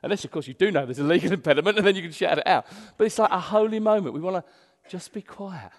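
Male pastor, fairly high voice, preaching in a church with a long hall echo. Animated, from loud to hushed. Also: fast. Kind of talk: sermon.

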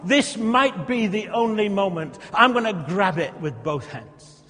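A preacher voicing a desperate blind male beggar who shouts and pleads for mercy. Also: a little high, lively intonation, rapid-fire, breathy edge. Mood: determined. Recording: reverberant hall.

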